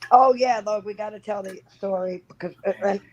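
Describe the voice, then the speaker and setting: A woman's voice: mid-range voice, fairly quick, a little mellow, lo-fi sound. A woman on a casual podcast, telling an exasperated, profane family story as the mother.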